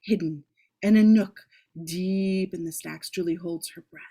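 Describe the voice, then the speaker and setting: A woman's voice: lowish voice, steady tone, measured pace, dark tone. A woman reading a screenplay aloud in a casual way, breaking off for joking asides and the odd swear word. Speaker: script reader.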